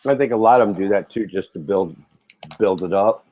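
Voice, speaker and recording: A man's voice: deep voice, brisk, muffled recording. A man chatting casually as a guest on a live stream, laid-back with a dry, sarcastic manner. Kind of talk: casual chat.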